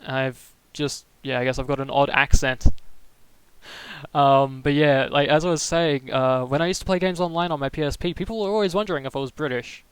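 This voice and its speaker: Young guy from melbourne streaming, kinda higher voice, super dry close sound, rambly and keeps restarting. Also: smooth, dry recording, low-quality recording. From Melbourne, Australia. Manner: rambling, halting, restarts sentences often. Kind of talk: casual chat on a live stream, answering chat.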